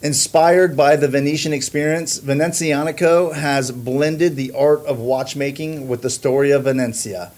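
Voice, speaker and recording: A man's voice: on the high side, steady tone, normal speed, hardly any pauses, darkish tone. A man hosting a watch review, narrating in a scripted, earnest and admiring way. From United States.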